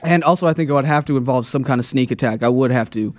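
A man's voice: medium pitch, fast, no room sound. A man, co-hosting a radio show, telling stories in casual comedic banter and laughing often. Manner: storytelling with frequent laughter.

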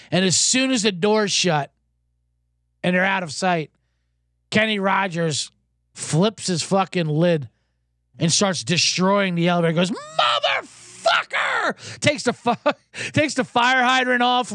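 A man hosting a sports betting podcast, telling a casino story and giving picks in a profane, animated way with shouted crowd chants. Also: high-pitched, no room sound, clean studio sound.

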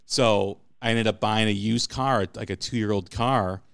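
A man hosting a podcast interview, chatting casually and telling animated stories. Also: on the low side, measured pace, vocal fry, smooth, no room sound, clean studio sound. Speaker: podcast host.

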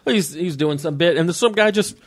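A man co-hosting a podcast, telling a heated story in casual chat with an animated, worked-up manner. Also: a little high, a little fast. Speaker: podcast co-host, comedian.

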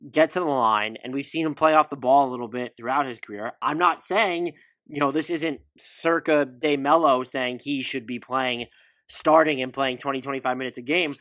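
A man hosting a casual sports podcast, talking in an animated way and firing off questions. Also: mid-range voice, normal speed, no room sound. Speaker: podcast host.

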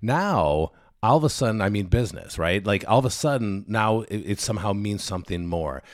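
A man's voice: fairly low pitch, lively intonation, brisk, dry recording, clean studio sound. A man co-hosting a podcast in casual chat, ranting sarcastically and swearing freely. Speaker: podcast co-host.

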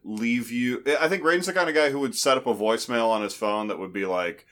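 A man in casual movie-review chat, talking in halting restarts with dry humor. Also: medium pitch, fairly bright tone. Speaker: podcast co-host.

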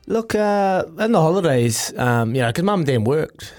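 A New Zealand man co-hosting a breakfast radio show in a studio, telling relaxed childhood stories with fillers and laughs. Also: a little high, moderate pace. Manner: laid-back storytelling with frequent laughs and fillers. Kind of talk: casual radio banter.

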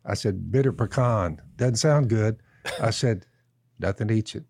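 A man telling a slow, folksy outdoor story and turning it into Bible teaching, repeating "I said" as he goes. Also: fairly low pitch, creaky, darkish tone, no echo, studio quality. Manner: slow, drawn-out storyteller who keeps repeating "I said". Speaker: podcast co-host.

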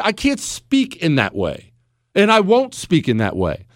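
Blunt, lively-pitched male radio host. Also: unhurried, no echo, studio quality. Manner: blunt, sarcastic, animated. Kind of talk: talk radio monologue. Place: radio studio. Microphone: studio microphone.

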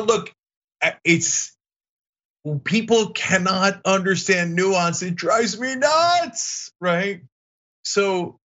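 A man from New Jersey with a New Jersey accent, co-hosting a podcast in casual chat, animated and quick to laugh. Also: fairly high pitch, muffled recording. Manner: animated, laughing, voices other people mid-story. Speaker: podcast co-host.

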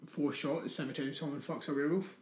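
A man's voice: a little high, steady tone, quick pace, a little hiss or hum. A man, co-hosting a podcast and trading crude jokes in casual film-review chat. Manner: crude, joking banter. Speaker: podcast co-host. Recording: roomy echo.

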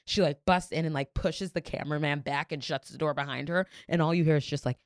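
A woman's voice: deep voice, fairly even intonation, fast, no echo, clean studio sound. A young adult woman in a casual podcast chat, telling a story with lots of "like" fillers and free swearing. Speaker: podcast guest.

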